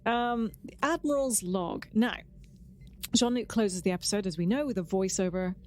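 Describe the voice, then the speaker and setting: A woman's voice: medium pitch, moderate pace, a little mellow. A woman co-hosting a casual podcast, chatting with enthusiasm and a lot of "um" restarts. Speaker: podcast co-host. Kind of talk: casual chat.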